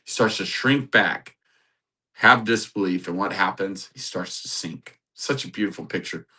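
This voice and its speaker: A man hosting a podcast, giving a sermon-like Bible talk, animated and laughing often. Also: deep voice, moderate pace, husky. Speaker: podcast host.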